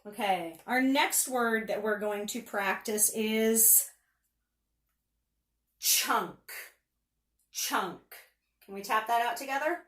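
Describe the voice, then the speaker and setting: A woman's voice: a little high, a little slow, reverberant, recorded from a distance. A woman teacher giving a patient phonics lesson, sounding out letters and words for young students.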